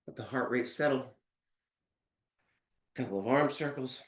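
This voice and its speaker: A male fitness instructor leading a live workout class, counting reps aloud and giving calm step-by-step cues while out of breath. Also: mid-range voice, measured pace, roomy sound.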